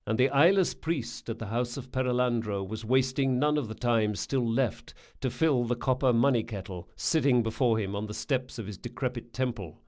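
Male audiobook narrator, mid-pitched, measured and descriptive. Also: a little mellow.

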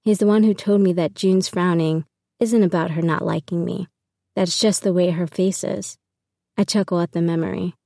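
A woman narrates a first-person audiobook in an even, intimate way. Her voice sits low and mellow, and the recording is close and dry, with no room around it. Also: normal speed, creaky, no room sound.

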